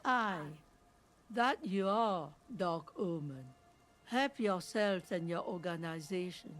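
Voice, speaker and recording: Old lady landlady in a game, really slow and folksy, soft music behind. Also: lowish voice, animated. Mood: wry. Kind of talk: video game voice acting.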